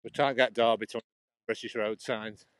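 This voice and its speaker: A man chats casually on a walking vlog, rambling and restarting his sentences as he goes. His voice sits at an ordinary middle pitch. The sound is dry and close, with little reverb. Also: steady tone, normal speed. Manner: chatty, rambling, restarts often. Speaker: vlogger. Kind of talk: casual chat while walking. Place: outdoors in a churchyard.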